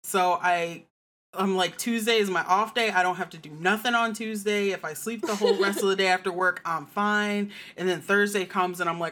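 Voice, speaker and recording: A woman's voice: mid-range voice, steady tone, moderate pace, a bit bright. A woman guest in a casual podcast chat, chatty and self-deprecating, laughing often.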